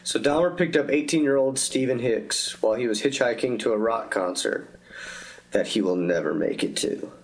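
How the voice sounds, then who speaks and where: A man's voice: mid-range voice, moderate pace. A man co-hosting a casual true-crime podcast, laid-back and wry, swearing casually as he reads the story. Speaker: podcast co-host.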